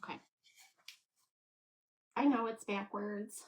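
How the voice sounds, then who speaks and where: A woman's voice: mid-range voice, steady tone, slow. Chatty woman hosting a crafting livestream. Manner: chatty, thinks aloud while working, answers viewers. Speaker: craft channel host. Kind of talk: casual livestream crafting chat.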